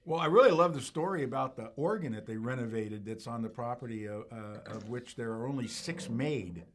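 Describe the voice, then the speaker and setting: A man co-hosting a wine show as its writer, praising wines effusively in halting, restarting sentences. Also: mid-range voice, background noise. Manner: effusive, halting with repeated starts. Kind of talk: casual tasting chat.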